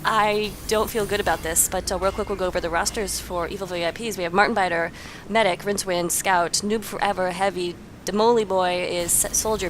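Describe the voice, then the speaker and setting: A woman hosting and commentating a team game match, chatty and excitable with frequent fillers. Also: mid-range voice. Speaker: host and caster. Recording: noisy recording.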